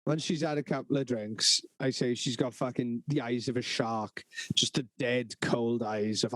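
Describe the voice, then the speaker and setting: A man in casual podcast chat, reacting with swearing and quick jokes. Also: medium pitch, fairly even intonation, a bit bright, dry recording, rough recording. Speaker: podcast co-host.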